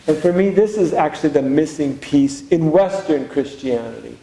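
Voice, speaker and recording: Mellow-voiced monk in an echoey hall. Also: male voice, a little high, normal speed, vocal fry, hardly any pauses. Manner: conversational and reflective, with humorous asides. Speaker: monk giving a retreat talk. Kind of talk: spiritual retreat talk. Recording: very echoey room with faint background noise.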